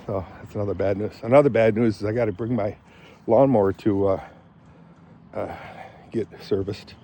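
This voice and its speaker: A man's voice: fairly low pitch, steady tone, normal speed, warm tone, slight background noise. An older man from Michigan chatting in a meandering vlog, full of fillers, talking to his animals around the house and horse stalls, recorded on a handheld phone. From Michigan, USA. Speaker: vlogger. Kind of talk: rambling casual vlog.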